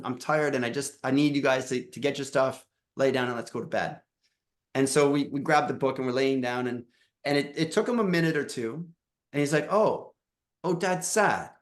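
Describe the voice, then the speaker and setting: A man in his thirties sharing a personal story as a dad coach, emotional and halting, often restarting his words. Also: on the high side. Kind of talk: personal storytelling in a podcast chat.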